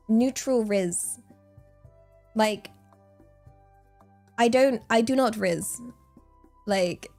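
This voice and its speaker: A young woman from England, streaming casual chat and telling a rambling story full of fillers and laughs. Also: high voice.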